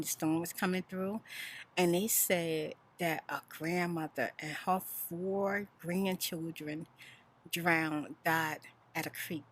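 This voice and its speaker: A woman telling a story in a soft-spoken, chatty, animated way. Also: fairly low pitch. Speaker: ASMR vlogger. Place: home in Houston.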